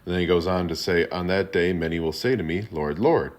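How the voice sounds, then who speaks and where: A man's voice: low voice, a little fast. A man hosting a short video, explaining a point of scripture in an earnest, teacherly way with casual fillers. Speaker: Christian apologetics video host. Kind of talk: casual explanatory talk to camera.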